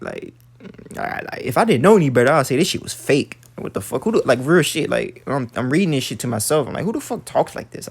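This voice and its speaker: His mid-range voice is gravelly with a breathy edge. The man, an online commentator going through the news, gives an emphatic, blunt, swear-filled casual rant, stumbling and repeating himself while preachily quoting scripture.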